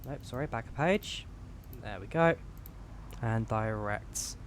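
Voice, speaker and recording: A man from the UK giving relaxed, chatty commentary while flying a flight simulator, explaining each menu as he clicks through it on a headset mic. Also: lowish voice, slow pace, slight background noise. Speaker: flight sim streamer. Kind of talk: casual gameplay commentary.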